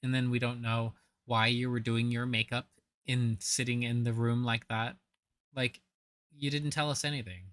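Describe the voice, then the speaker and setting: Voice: mid-range voice, level tone, moderate pace, a bit bright. A reaction commentator talking over a clip in a blunt, mocking way, swearing casually as they pick apart what they watch.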